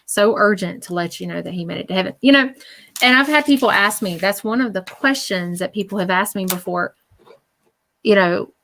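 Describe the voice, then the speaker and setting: A woman's voice: medium pitch, fairly quick, slight background noise. Earnest woman medium relaying spirit messages. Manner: earnest, relays messages in quoted speech, keeps asking "okay?"; animated, emotional. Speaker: psychic medium. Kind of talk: live-stream reading.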